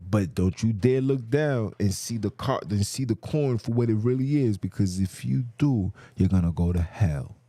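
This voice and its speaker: A man's voice: lowish voice, moderate pace, hardly any pauses, mellow, dry recording. A man hosting a podcast, telling a story in a heated rant. He fires off rhetorical questions and uses street slang. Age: adult. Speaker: podcast host. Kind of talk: ranting monologue.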